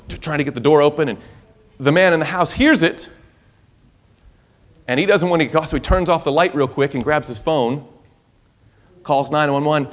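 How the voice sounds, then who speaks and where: Male preacher with a slightly high voice, chatty and animated storytelling. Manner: animated, conversational storytelling with frequent restarts. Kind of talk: sermon with storytelling.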